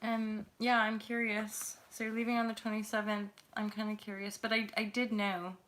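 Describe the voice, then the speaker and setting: A woman's voice: mid-range voice, little pitch movement, normal speed, a bit bright, slight background noise. A woman hosting a live tarot stream, chatting loosely with her viewers and laughing often.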